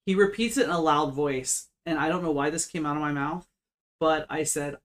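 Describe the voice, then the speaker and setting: Animated woman telling a self-mocking story. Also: deep voice, brisk. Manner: animated, self-mocking, acts out her own past lines. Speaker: podcast co-host. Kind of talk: casual storytelling chat.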